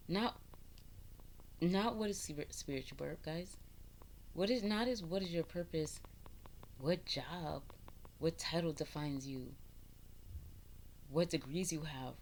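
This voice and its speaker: Animated spiritual vlogger woman, low voice. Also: slow, pauses often, slight background noise. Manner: animated, preachy, rhetorical questions, laughs often. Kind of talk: casual spiritual vlog monologue.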